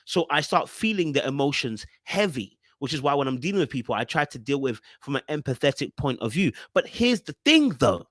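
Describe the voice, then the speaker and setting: A man's voice: mid-range voice, a bit bright, no echo, studio quality. A young man hosting a podcast, giving an emphatic casual monologue and often checking in with his listeners. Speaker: podcast host reviewing a reality show.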